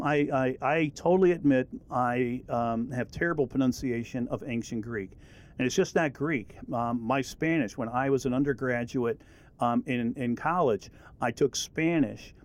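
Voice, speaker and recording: A middle-aged man giving a relaxed, rambling Bible lesson with many fillers and restarts. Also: mid-range voice, measured pace. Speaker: Bible teacher. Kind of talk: casual recorded lesson.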